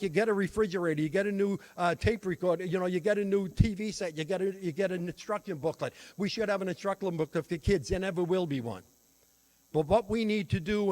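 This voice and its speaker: Older man, fairly high voice, earnest reflective storyteller, workshop lecture. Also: darkish tone. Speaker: workshop speaker on teaching children.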